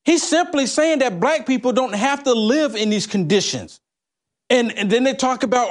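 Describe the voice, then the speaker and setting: High-voiced animated male talk host. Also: moderate pace. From California. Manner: animated, stumbles over words. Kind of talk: political talk show discussion.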